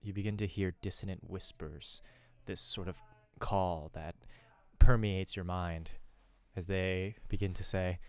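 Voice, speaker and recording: A man narrating a tabletop game as game master, in a low, slow, ominous tone with some hesitations. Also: steady tone, smooth.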